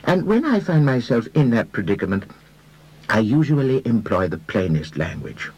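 A man doing a mild, husky middle-aged detective. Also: mid-range voice, big pitch swings, voice pushed up, rough recording. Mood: careful. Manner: gentle, deliberate, precise phrasing. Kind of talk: audiobook character voice.

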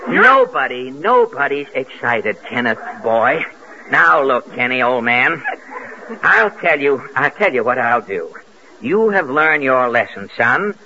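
A man's voice: mid-range voice, lively intonation, measured pace, sharp tone, a little hiss or hum. A man hosting a 1940s radio comedy, dry and wisecracking, with mock-stern scolding, on a lo-fi old broadcast recording. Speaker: comedy show host.

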